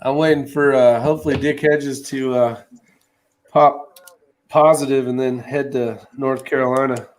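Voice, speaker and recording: A man's voice: medium pitch, fairly even intonation, normal speed, poor audio. A man hosting a casual live stream, welcoming guests and reading chat comments aloud.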